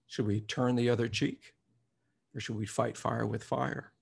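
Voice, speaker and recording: A man's voice: mid-range voice, steady tone, unhurried, gravelly, slightly rough. A man preaching a sermon, reflective at first and growing emphatic as he reads scripture aloud.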